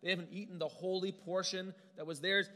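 A man's voice: high-pitched, fairly even intonation, brisk, pushed and bright, big-room sound. A male pastor giving an earnest, conversational sermon, restarting words now and then.

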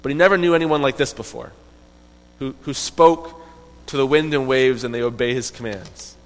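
A man telling a Bible story to children in an animated, conversational way, often asking his listeners questions. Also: medium pitch, moderate pace, big-room sound, rough recording. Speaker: Bible teacher.

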